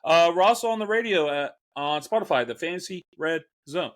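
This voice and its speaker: Man, sports podcast co-host, high voice, easygoing, laughs a lot. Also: animated, brisk. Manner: laid-back, laughs often. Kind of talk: casual sports chat.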